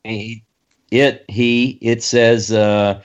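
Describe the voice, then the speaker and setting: Low-voiced man, halting and thoughtful. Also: level tone, dull audio. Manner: hesitant, with many fillers. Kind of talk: conversational scripture discussion.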